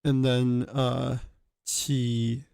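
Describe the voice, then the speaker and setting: A man's voice: medium pitch, flat delivery, very slow, gravelly, darkish tone, smooth, dry recording. A man thinking aloud as he works, hesitant, with many fillers and self-corrections. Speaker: channel host working through a reconstruction. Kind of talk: thinking aloud while working.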